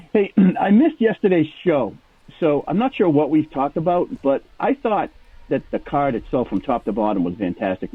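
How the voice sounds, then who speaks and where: A man's voice: a little high, no echo. A man with a Boston accent, calling in to a radio show and chatting casually with a self-deprecating manner. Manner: self-deprecating, talkative, lots of restarts. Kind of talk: casual chat. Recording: phone line.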